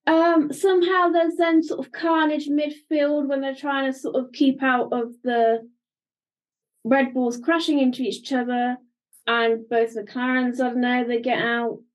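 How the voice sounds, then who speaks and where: A woman's voice: sits high, little pitch movement, measured pace. A woman co-hosting a casual podcast, hesitant and searching for words. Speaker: podcast co-host. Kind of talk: casual chat.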